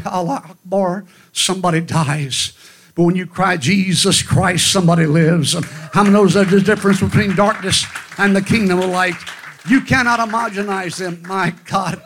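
A man preaching a fiery revival sermon at a church conference, with emphatic, rhythmic repetition. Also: high-pitched. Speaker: guest preacher.

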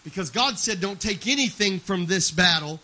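A man preaching a sermon, swinging from soft confiding talk to loud shouted preaching and often repeating words as he tells stories. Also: high-pitched, animated, moderate pace. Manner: repeats words and restarts when emotional.

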